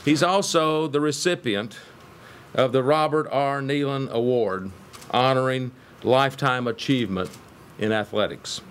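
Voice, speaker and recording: A middle-aged man serving as university chancellor who gives a measured, formal introduction at a press conference, with touches of light humor. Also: medium pitch, fairly bright tone, slight background noise.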